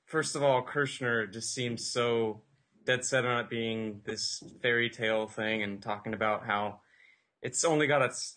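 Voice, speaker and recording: A man's voice: mid-range voice, bright, forceful tone. A man chatting casually as a podcast co-host, laughing as he tells stories. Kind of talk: casual roundtable chat.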